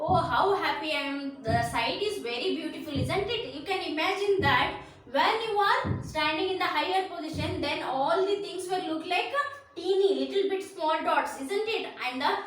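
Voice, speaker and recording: A woman's voice: very high voice, animated, brisk, fairly bright tone. A woman teacher with an Indian accent from Karnataka, explaining a poem line by line to children in a class, often asking "isn't it?". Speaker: school teacher. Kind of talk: classroom poem lesson, mixing English and Kannada. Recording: echoey room, mic far off, faint ambience.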